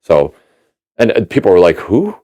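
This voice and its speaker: Low, mellow-voiced man telling a story. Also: fairly quick, lo-fi sound. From Minnesota. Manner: animated storyteller acting out quoted dialogue. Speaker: musician guest. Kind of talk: storytelling in a podcast interview.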